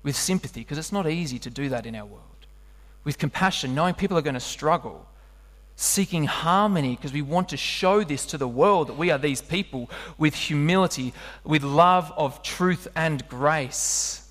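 A man preaching a sermon, animated and asking his listeners rhetorical questions. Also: fairly high pitch, normal speed. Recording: long hall reverb.

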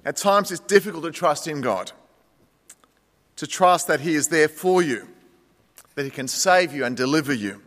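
Bright-voiced pastor preaching in a reverberant church. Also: male voice, fairly high pitch, expressive, moderate pace, long pauses. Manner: conversational, addresses the congregation as friends. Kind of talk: sermon with a told story. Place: church sanctuary.

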